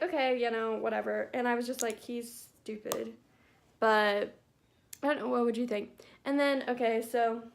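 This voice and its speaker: A young woman talks while she does her makeup at home. Her voice sits a little high and has a lot of vocal fry. She rambles through casual stories and fills them with constant "like"s. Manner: chatty storytelling full of "like" fillers. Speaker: beauty vlogger. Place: at home, not in her bathroom.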